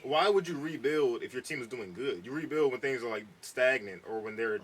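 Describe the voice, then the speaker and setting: A man's voice: medium pitch, lively intonation, fairly quick, far from the mic, rough recording. A young adult man co-hosting a casual podcast chat, talking at length and restarting his sentences as he argues a point. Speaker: podcast co-host.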